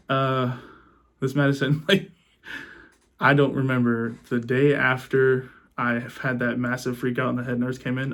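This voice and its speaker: Young adult male vlogger, casual rambling storyteller, swears freely, average pitch. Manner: rambling, frequent restarts and swearing.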